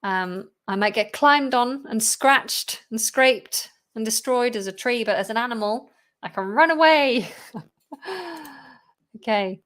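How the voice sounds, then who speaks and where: A woman's voice: on the high side, measured pace, a bit bright. A woman, a teacher answering viewer questions in a chatty live Q&A, laughing often and sounding a bit tired. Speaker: English teacher and channel host.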